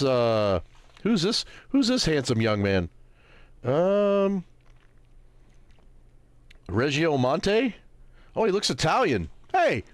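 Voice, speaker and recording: A man with a somewhat high voice gives slow, sarcastic livestream commentary, his pitch swinging widely as he mocks and quizzes an unseen audience. The sound is dry and close, with no room around it. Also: no echo. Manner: sarcastic, mocking, keeps asking "right?"; squints at small text, reads aloud haltingly. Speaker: livestream host. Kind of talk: livestream commentary while browsing.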